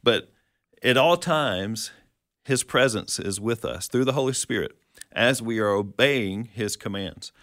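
A man's voice: lowish voice, unhurried, a bit bright, no room sound, clean studio sound. A man co-hosting a conversational Bible teaching, explaining verses and asking questions. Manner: explanatory, quotes scripture, asks questions.

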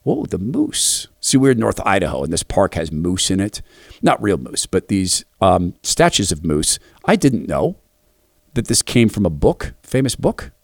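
A middle-aged man preaching a devotional talk, telling lively family anecdotes and acting out the voices. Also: low voice, moderate pace, no echo, clean studio sound. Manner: animated, acts out voices in anecdotes.

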